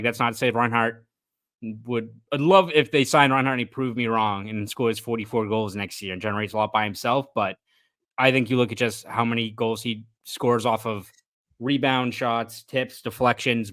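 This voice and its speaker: A young man with a Boston accent, a sports reporter, co-hosts a casual sports podcast, thoughtful and rambling and often correcting himself mid-sentence. His medium-pitched voice is steady, a bit bright, at a moderate pace with no room sound.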